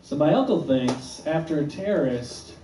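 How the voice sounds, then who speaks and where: Stand-up comic, man, slightly high voice, echoey room with noise. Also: lively intonation, normal speed, mellow. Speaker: stand-up comedian. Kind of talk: stand-up comedy set. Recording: echoey room, far from mic, noisy.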